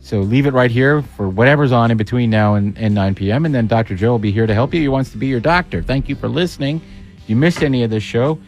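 A man's voice: mid-range voice, fast talker, soft background music. A man hosting a radio talk show, chatting casually and bluntly about politics. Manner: blunt, opinionated, wisecracking.

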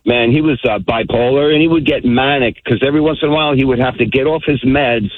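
A man's voice: medium pitch, fast, dry recording. Male caller on a tinny phone line. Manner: casual, anecdotal. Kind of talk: phone-in storytelling.

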